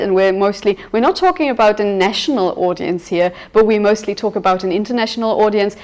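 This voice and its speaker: A woman's voice: medium pitch, a little mellow. A woman teaching a university film seminar over a video call, talking conversationally with frequent fillers and self-corrections. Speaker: university lecturer. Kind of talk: seminar lecture with discussion.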